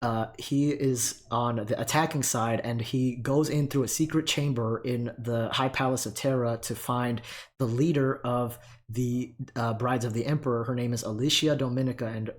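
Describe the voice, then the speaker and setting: A young man casually explaining game lore, rambling and profane, with lots of fillers, his voice still recovering and short of breath. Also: mid-range voice.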